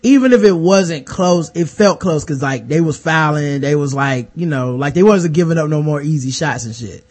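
A young man with a notably high voice tells a story in a relaxed, rambling way. He leans on fillers and acts out quick quotes in casual chat.

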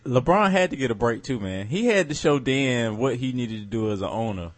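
A man talking in a relaxed, laid-back way during a casual chat. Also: medium pitch, fairly quick.

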